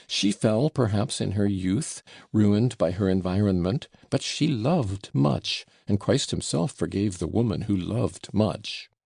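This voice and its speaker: A man voicing a shrill, blustering old male buffoon who yells and splutters breathlessly. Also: measured pace, gravelly, few pauses, breathy edge, no echo, studio quality, exaggerated voice. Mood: ranting.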